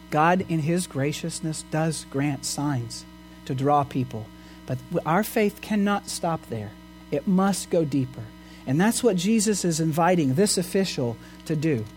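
A male pastor with a high-pitched, darkish voice preaches earnestly, putting rhetorical questions to his congregation.

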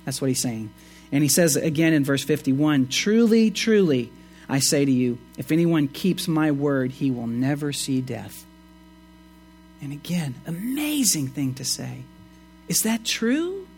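A man preaching a sermon, reading scripture and explaining it with emphatic rises and quiet asides. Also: unhurried, soft background music. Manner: expressive, swings between emphatic rises and low asides. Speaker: pastor.

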